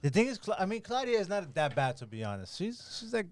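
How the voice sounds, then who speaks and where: A man's voice: sits high, very animated, quick pace, slight background noise. A man who is a guest on a podcast, giving blunt, profane opinions in casual chat.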